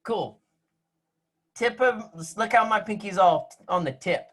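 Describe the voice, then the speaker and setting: A man's voice: high-pitched, expressive, slow pace, a bit bright. A man teaching music to a class of children over a video call from home. He jokes and teases as he gives step-by-step instructions. His voice comes through a laptop microphone. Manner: playful, teasing, joking with young students.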